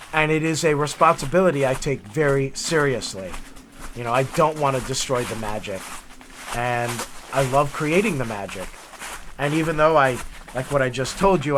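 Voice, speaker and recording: A middle-aged man chatting on a forest trail in a bright, forceful voice pitched a little high. He rambles and restarts as he tells his story, with a faint outdoor hum behind him. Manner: relaxed, rambling, with many restarts and amused asides. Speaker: vlog host. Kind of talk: casual storytelling while hiking. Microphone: camera mic, walking.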